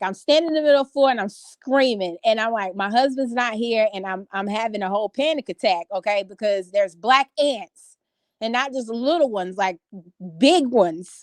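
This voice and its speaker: Animated woman telling a story at home. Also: fairly high pitch, no room sound, clean studio sound. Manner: animated storytelling with many fillers. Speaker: vlogger. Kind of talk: casual chat to a live audience. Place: home bedroom.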